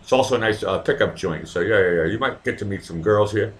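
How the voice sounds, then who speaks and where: A man's voice: on the low side, fast talker, a little hiss or hum. A man with a light Boston accent hosting a casual live stream from his home, chatting with viewers in a rambling, profane way. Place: home in Vienna.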